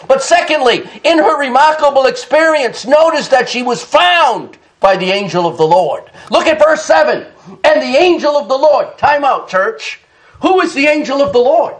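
A male pastor preaching an animated sermon, chuckling often and calling out to the congregation. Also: very high voice, normal speed. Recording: roomy church echo.

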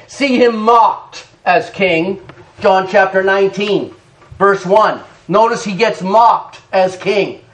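Man preaching, high voice, animated, dramatic storytelling sermon. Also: takes it slowly, low-quality recording. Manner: animated, dramatic, reads scripture in King James wording.

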